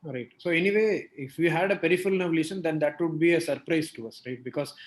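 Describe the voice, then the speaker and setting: A man's voice: a little high, fast talker, over a noisy crowd. A man leading a clinical teaching discussion, quizzing a student and explaining step by step with frequent checks like "right?".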